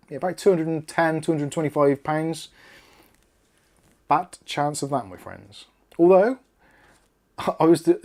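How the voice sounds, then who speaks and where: A man's voice: mid-range voice, darkish tone. A man with a Bristolian accent hosting a casual live stream. He chats, jokes and reads viewer comments aloud. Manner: chatty, jokey, self-deprecating asides.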